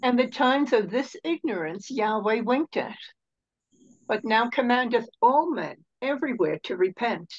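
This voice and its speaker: Woman reading scripture, slightly high. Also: lively intonation, a little slow, dull audio. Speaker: scripture reader.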